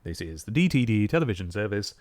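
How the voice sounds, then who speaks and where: Man doing plummy old-style TV continuity announcer, measured, formal. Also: lowish voice, very animated, a little mellow, no echo, clean studio sound, voice pushed down. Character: old-fashioned posh male TV continuity announcer.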